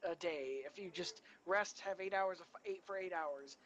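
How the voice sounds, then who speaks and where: A man's voice: high voice, normal speed, a bit bright, muffled recording, a little hiss or hum. A man playing a tabletop game over a voice call, brash and profane, firing off rules questions. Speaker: player. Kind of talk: casual tabletop game chat. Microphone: online voice call.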